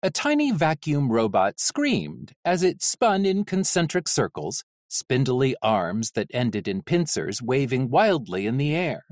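An audiobook narrator reading a novel in expressive, lively storytelling, close to the mic. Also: mid-range voice, measured pace, few pauses, no echo.

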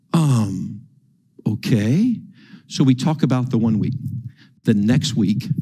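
A man preaching a sermon in a church, animated and repeating himself as he acts out quotes. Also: medium pitch, husky. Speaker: pastor. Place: church sanctuary.

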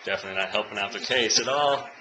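A young man filming himself at home as he watches a football game, chatting and cheering loudly. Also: fairly low pitch, racing. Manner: swings from quiet chat to loud cheering shouts. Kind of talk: casual vlog, reacting to live football. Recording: noisy home video recording.

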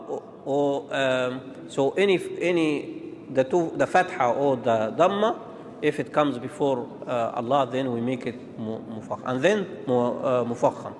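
A man teaching Quran pronunciation, demonstrating and contrasting letter sounds in a halting, repetitive way. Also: medium pitch. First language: Arabic. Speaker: tajweed teacher. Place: large mosque hall. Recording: long reverb of a large hall.

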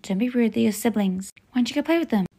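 A woman voicing a strict, bossy elderly grandmother in a toy-game role-play. The voice is croaky, breathy, soft and slow. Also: a little high, expressive. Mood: scolding.

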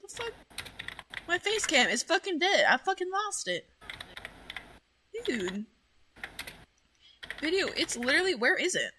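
A woman streamer chatting casually, excitable and full of swearing as she rambles. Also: high-pitched, a little slow, long pauses, noisy background. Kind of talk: casual livestream chat.

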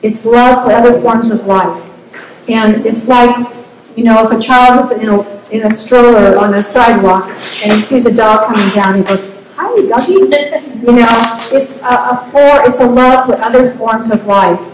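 A woman giving an impassioned, halting public comment at a community meeting, repeating words as she goes. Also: fairly high pitch, steady tone. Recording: echoey room, faint ambient noise.

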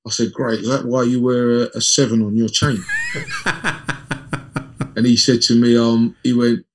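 A man in his fifties, a former footballer, telling lively anecdotes as an interview guest and acting out the dialogue. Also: medium pitch, a little slow, slight background noise. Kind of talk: conversational storytelling in an interview.

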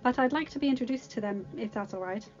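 A woman reading aloud, voicing a gentle but firm young king in a softer, lower tone. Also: fast, muffled recording, faint music behind, close to an everyday voice. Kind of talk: storybook reading.

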